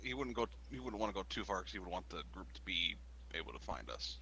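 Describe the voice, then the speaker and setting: A man's voice: low-pitched, big pitch swings, fast, creaky, bright, forceful tone, a little hiss or hum. A man playing in a tabletop game, talking in a laid-back way. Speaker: player. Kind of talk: casual tabletop play.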